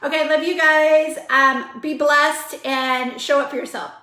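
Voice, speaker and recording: A woman's voice: sits high, steady tone, unhurried, sharp tone, roomy sound. A woman in her forties giving an earnest, emphatic motivational pep talk to her online group. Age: 40s. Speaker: vlogger.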